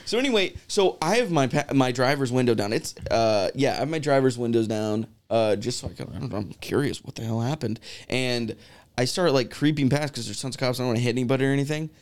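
A young man tells a story in an easy, conversational way. His pitch sits in the middle range, and he slips into quick impressions of the people he quotes. It is relaxed podcast chat. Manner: animated storyteller acting out quoted voices.

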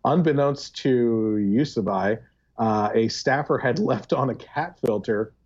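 A man's voice: mid-range voice, unhurried, darkish tone, muffled recording. A man co-hosting a casual chat show, often laughing as he reads aloud. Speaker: podcast co-host.

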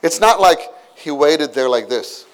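A man preaching a sermon, retelling a story with lively acted-out exclamations and asides to the listeners. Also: on the high side, a little slow. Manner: animated storytelling, acts out scenes with exclamations.

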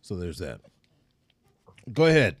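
A man hosting a podcast in relaxed, rambling casual chat, often laughing mid-sentence. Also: sits low, unhurried, no room sound. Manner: laid-back, rambling, laughs while talking. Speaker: podcast host.

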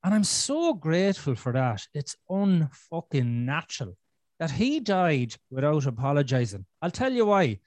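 An Irish man speaks in a blunt, unvarnished way, swearing often as he chats on a podcast. His voice sits a little higher than most men's and comes across close and dry, with no room sound around it. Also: big pitch swings, a little slow, a little mellow, no room sound. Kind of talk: casual conversation.

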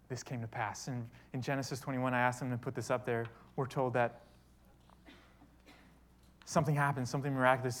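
A man preaching a sermon, retelling a story with dramatic shifts between loud and soft delivery. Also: mid-range voice. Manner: dramatic storytelling, voicing quoted speech, big swings in loudness. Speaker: pastor.

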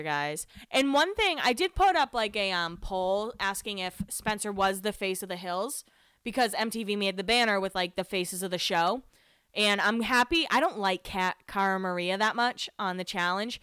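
A woman's voice: medium pitch, a bit bright, smooth, no room sound, clean studio sound. Chatty, gossipy young woman podcaster. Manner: chatty, gossipy, swears freely, frequent "like". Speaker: podcast host. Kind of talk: casual solo podcast chat.

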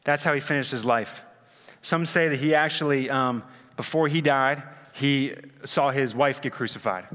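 Bright-voiced pastor preaching in a hall. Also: male voice, mid-range voice, normal speed. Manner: earnest and casual, with frequent fillers and slang. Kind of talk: sermon. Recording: reverberant hall.

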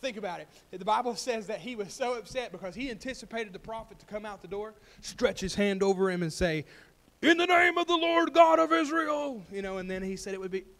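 A man's voice: high-pitched, fairly even intonation, fast talker, few pauses. A man preaching a sermon, telling a story and building to emphatic, rising points. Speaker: pastor.

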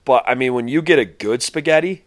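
A man's voice: medium pitch, fairly quick, no room sound. A man co-hosting a podcast, chatting casually and animatedly, swearing and laughing often. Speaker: podcast co-host. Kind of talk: casual chat recapping a reality dating show.

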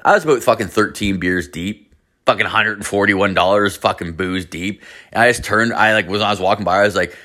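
Male podcast host with a low voice, telling a rambling, profane story in casual chat. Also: fairly quick, sharp tone. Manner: rambling, heavy swearing, lots of fillers.

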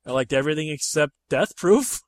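A man with a somewhat high voice chats casually about movies, animated and emphatic. His pitch jumps up when he presses a point. The sound is close and dry, with no room around it. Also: moderate pace, dry recording.

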